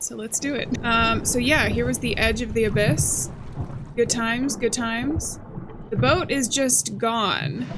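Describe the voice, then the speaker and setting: A woman hosting a let's play, chatting casually and thinking aloud as she plays, with excitable gasps. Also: fairly high pitch. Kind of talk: casual gameplay commentary. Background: game music.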